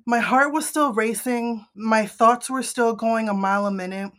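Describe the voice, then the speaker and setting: A young woman from the Northeast US, hosting a podcast and telling a personal story in a blunt, profane, animated way, acting out what people said. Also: medium pitch. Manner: blunt, profane, animated retelling with acted-out quotes. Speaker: podcast host.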